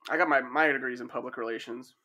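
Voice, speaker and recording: A young man joins a relaxed podcast chat as a guest. He speaks at an ordinary pitch in an easygoing, reflective way. He sometimes hesitates as he searches for the right words. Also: fast. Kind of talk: casual chat.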